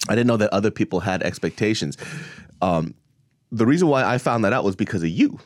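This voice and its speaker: Podcast dude, blunt and sweary, voice jumps around a lot, no room echo. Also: male voice, on the low side, lively intonation, fairly quick, clean studio sound. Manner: blunt, profane storytelling. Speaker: podcast co-host. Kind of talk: casual chat.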